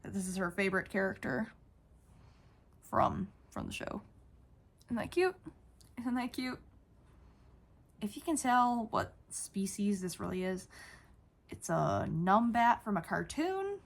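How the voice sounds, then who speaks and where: A woman's voice: medium pitch, sing-song, measured pace, creaky, pauses often. A woman vlogger showing off her toys in a casual, gushing way, often repeating herself. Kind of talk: casual toy show-and-tell.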